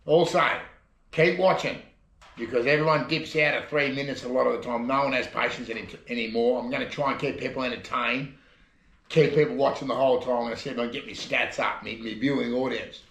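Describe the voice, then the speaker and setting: A man's voice: medium pitch, fairly even intonation, fairly quick, vocal fry, fairly bright tone, reverberant. An Australian man telling jokes in a rambling, chatty way as a casual comedy vlogger. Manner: rambling, chatty joke delivery. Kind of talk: casual joke telling to camera. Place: shed.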